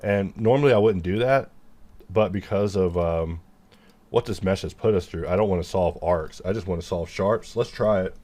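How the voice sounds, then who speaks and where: Here a man talks through his 3D modeling process on screen, casually wandering off topic and poking fun at himself as he teaches. He speaks at a moderate pace in a low, somewhat dark voice.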